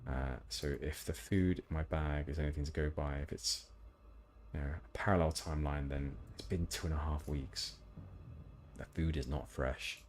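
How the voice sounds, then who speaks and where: A man's voice: rumbling low, fairly even intonation, moderate pace, darkish tone. A man streaming a game, chatting casually with rambling, self-deprecating asides. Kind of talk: casual gameplay commentary.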